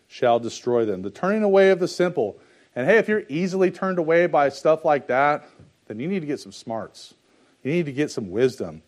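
High-voiced male preacher, fervent and folksy. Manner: preaching, swinging from low confiding talk to loud exhortation; reads scripture aloud in old-fashioned wording. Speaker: pastor. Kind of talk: sermon.

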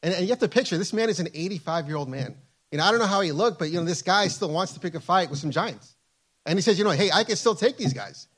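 Casting: male preacher, fairly high voice, fervent sermon delivery with repeated phrases. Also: quick pace, a bit bright.

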